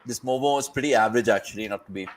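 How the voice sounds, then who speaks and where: Man, casual watchalong host on a video call, mid-pitched, breezy banter, reads the chat. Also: slight background noise, low-quality recording. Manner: upbeat, rapid banter, reads viewer comments aloud. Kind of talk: casual cricket commentary and chat-reading. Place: home, remote video call.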